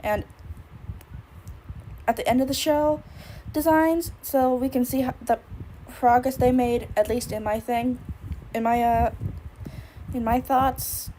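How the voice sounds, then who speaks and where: A woman's voice: high-pitched, fairly even intonation, slow pace, long pauses, mellow, a little hiss or hum, low-quality recording. A woman streamer with the hiccups, rambling casually and thinking aloud as she draws on a live stream. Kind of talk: casual drawing stream chat.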